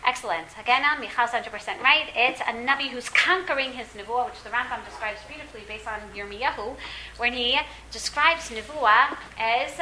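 A woman teaching a classroom Bible lesson, lively and questioning, often quizzing her students. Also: on the high side, moderate pace, roomy sound, slight background noise, low-quality recording.

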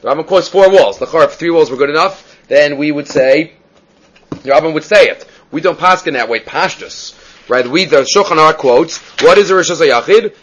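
A man's voice: a little high, a bit bright, lo-fi sound. A man giving a Talmud class, reading Hebrew and Aramaic phrases and explaining them step by step. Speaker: Talmud teacher.

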